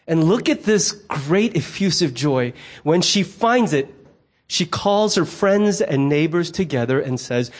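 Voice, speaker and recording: Pastor, man, middle-aged, fairly high voice; conversational sermon delivery, playful, does the voices of people in his anecdotes. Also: a little slow. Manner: animated storyteller who acts out quoted voices; conversational and humorous.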